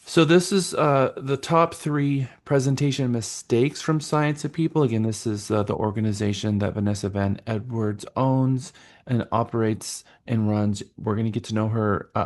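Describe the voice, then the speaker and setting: A man with a lowish, darkish voice speaks at normal speed while leading a live real estate workshop. He gives participants instructions in a directive, stop-and-start way, using fillers.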